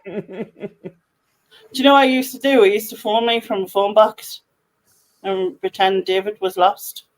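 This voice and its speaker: A woman's voice: mid-range voice, lively intonation, measured pace, low-quality recording. A woman with a Sunderland accent runs a casual chat on a video call. She is a chatty, giggly storyteller, talking from home. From North East England. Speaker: channel host.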